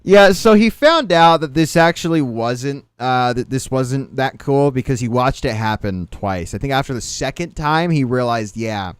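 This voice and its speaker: A man's voice: medium pitch, expressive, moderate pace, hardly any pauses, clear, resonant tone, no room sound. A young man hosting a casual reaction livestream, joking and exclaiming in slangy, loose talk. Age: young adult. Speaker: livestream host. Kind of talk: casual reaction stream chat.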